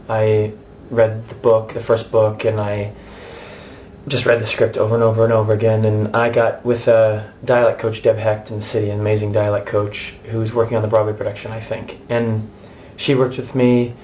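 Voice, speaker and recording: A man's voice: lowish voice, level tone, normal speed, darkish tone, slight background noise. An American man in his thirties, an actor giving a candid, chatty interview with many restarts and asides. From United States.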